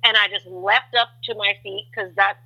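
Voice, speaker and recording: A woman guest sharing a faith testimony in conversation, an animated storyteller who acts out what people said. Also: medium pitch, moderate pace, poor audio.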